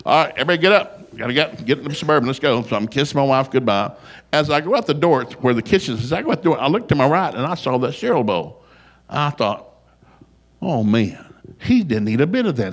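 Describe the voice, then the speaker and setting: An older man telling a funny family story in a folksy, animated way, his voice jumping up when he quotes himself. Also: fast talker. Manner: folksy, animated, gets loud and high when quoting himself.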